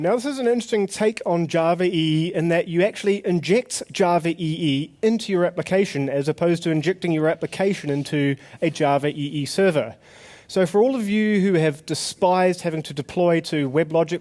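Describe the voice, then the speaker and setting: Casting: playful male tech-conference host on stage, slightly higher voice, handheld mic. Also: darkish tone. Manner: jokey, playful, banters with audience. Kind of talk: comedic live stage presentation.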